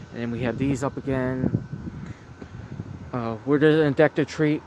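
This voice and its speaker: A man giving a casual vlog tour of holiday decorations outdoors on a phone, talking gently and repeating himself often. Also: medium pitch, background noise. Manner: repetitive, gentle, keeps saying very very nice. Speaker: vlogger. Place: outdoors at night by a house.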